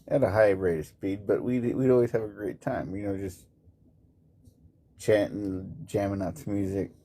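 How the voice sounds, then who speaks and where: Deep, mellow man. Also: slight background noise. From Texas. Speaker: caller telling a story. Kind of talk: casual storytelling.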